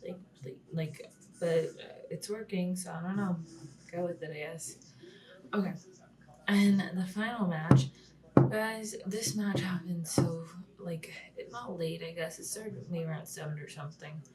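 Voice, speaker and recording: A woman's voice: lowish voice, fairly even intonation, unhurried, a little mellow, recorded from a distance, poor audio. A young woman talking through a casual vlog recap, chatty with lots of "like", often dropping to a whisper and swearing. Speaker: wrestling vlogger.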